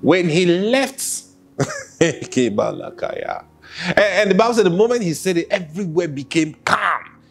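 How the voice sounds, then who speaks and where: Male pastor, unhurried sermon delivery, faint music bed. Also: high-pitched. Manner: lively preaching with laughs and acted-out quotes.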